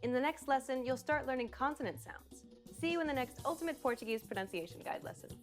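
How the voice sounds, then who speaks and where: A woman narrating a pronunciation lesson in a clear, explanatory, encouraging way. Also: high-pitched, quick pace, over music.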